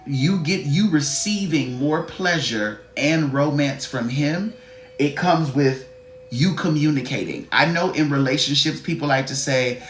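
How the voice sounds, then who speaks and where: A man's voice: medium pitch, a little hiss or hum. A man giving a live-stream card reading, blunt, profane and sassy, talking straight to the viewer and greeting chatters. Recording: roomy echo.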